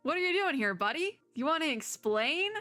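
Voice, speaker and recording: A woman's voice: sits high, big pitch swings, moderate pace, sharp tone, no echo, faint music behind, voice pushed up, exaggerated voice. A woman reading as a hesitant male inspector. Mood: guarded.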